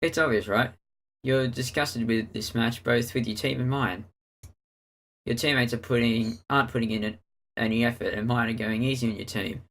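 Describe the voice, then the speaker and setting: The clip features a let's player voicing a visual novel, handling the narration and the hero's part in a consistent storyteller's tone. His pitch is medium and his speed normal.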